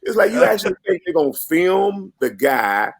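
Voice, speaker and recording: A middle-aged actor telling animated, laughing anecdotes in a casual chat. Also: male voice, high voice, normal speed, vocal fry, no echo. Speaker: actor and guest.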